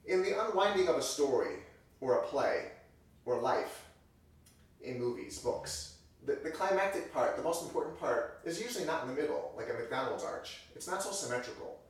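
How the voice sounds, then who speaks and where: A man's voice: a little high, animated, normal speed. A man teaching a piano lesson in a conversational way, often correcting himself and acting out example sentences to show phrasing. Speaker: music teacher. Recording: very echoey room, voice distant from mic.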